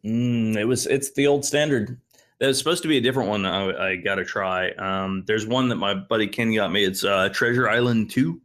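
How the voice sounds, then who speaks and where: An American man with a lowish voice hosts a podcast in loose, casual banter. He talks in a laid-back way, swears freely and trails off into ums between thoughts. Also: fairly even intonation, normal speed, fairly bright tone. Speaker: podcast host.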